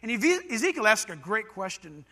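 A middle-aged Southern Californian pastor preaches in a large hall at a normal speed with a high voice. His sermon is conversational and animated, moving between loud bursts and hushed asides.

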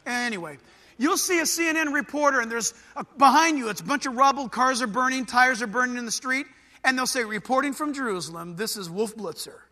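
Animated high-voiced man preaching. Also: a little fast, big-room sound. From Southern California. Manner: animated and conversational, swings from loud to quiet. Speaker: pastor. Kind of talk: sermon.

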